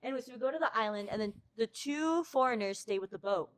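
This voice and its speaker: A woman's voice: a little high, expressive, fast talker. A young woman from the United States, hosting a podcast and telling a story casually, swearing constantly and acting out her own quotes. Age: young adult. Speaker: podcast host.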